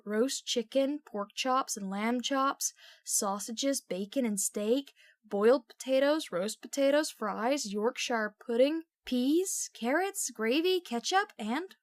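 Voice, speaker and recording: A woman reading a novel aloud with steady, expressive storytelling. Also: a little high, dry recording, clean studio sound. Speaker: audiobook reader.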